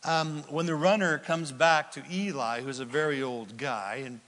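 A male pastor preaching a sermon, swinging from loud outbursts to near whispers. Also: fairly high pitch, normal speed. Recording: long hall reverb.

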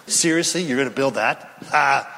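A man's voice: medium pitch, normal speed, sharp tone, big-room sound, slight background noise, voice pushed down. A man doing a dismissive doubting voice. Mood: doubtful. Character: doubting male inner voice, dismissive.

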